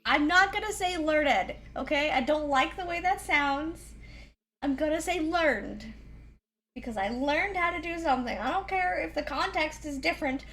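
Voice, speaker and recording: A woman's voice: sits high, moderate pace, a bit bright, a little hiss or hum, low-quality recording. A woman with a slight Southern accent, chatting casually and laughing often while streaming a game. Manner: chatty, giggly, rambling.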